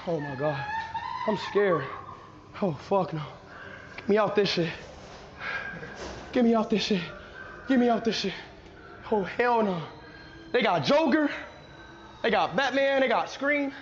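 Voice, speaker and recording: A young man live-streaming through a haunted house, loud and panicky, swearing and yelling as he goes. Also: high-pitched, big pitch swings, a little slow, pauses often. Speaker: livestreamer. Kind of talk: frantic live-stream reactions. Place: indoor haunted house attraction. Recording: dull lo-fi stream audio, noisy.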